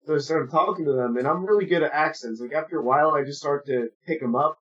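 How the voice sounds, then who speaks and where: A young man from New Jersey, his voice pitched a bit high for a man, comes through dull, lo-fi call audio. He co-hosts a loose chat, joking, cursing and laughing as he goes. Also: quick pace, fairly bright tone. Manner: joking, swears freely, laughs often. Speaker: podcast co-host. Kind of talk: casual chat.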